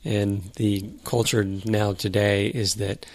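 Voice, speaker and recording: A middle-aged man co-hosting a casual podcast, telling stories in a relaxed way and laughing easily. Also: fairly low pitch, slow pace, dry recording. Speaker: podcast co-host.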